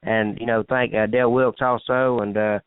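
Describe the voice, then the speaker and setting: A man's voice: mid-range voice, little pitch movement, normal speed, clear, resonant tone, no echo. A man hosting a podcast interview, hesitant, with many fillers. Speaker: podcast host. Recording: dry phone-line audio.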